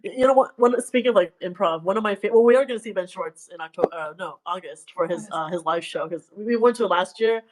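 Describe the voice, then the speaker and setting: Chatty woman co-hosting an interview. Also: fairly low pitch. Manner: chatty, quick to laugh. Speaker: co-host. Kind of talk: casual interview chat.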